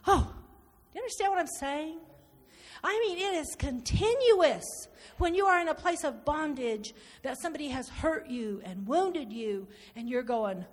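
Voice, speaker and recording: A woman preaching a sermon, animated and repetitive, acting out inner dialogue as she speaks. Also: sits high, unhurried. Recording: reverberant hall.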